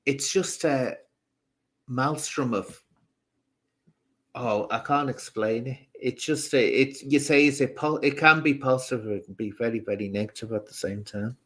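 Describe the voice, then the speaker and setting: A man's voice: medium pitch, unhurried, fairly bright tone. Rambling man with a Scouse-Irish accent. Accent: Scouse mixed with Southern Irish. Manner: rambling, reads out and answers chat comments. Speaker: live-stream host. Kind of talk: casual live-stream chat.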